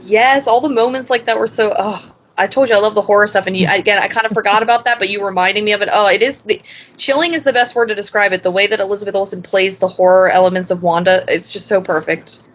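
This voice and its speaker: A woman's voice: medium pitch, steady tone, quick pace, a bit bright, a little hiss or hum. A woman co-hosting a podcast in casual chat, asking hesitant, self-correcting questions. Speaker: podcast co-host. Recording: slightly dull audio.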